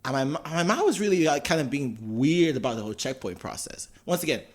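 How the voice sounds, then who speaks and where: A man's voice: fairly high pitch, expressive, a little fast. A young Irishman co-hosting a podcast, telling a story in casual chat with a loose, slangy manner full of fillers and swearing. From Ireland. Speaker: podcast co-host.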